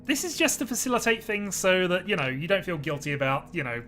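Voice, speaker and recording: A man hosting a casual online board game, briskly explaining the rules to his friends. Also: sits high, very animated, bright, forceful tone, soft background music. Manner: brisk, chatty rule explaining.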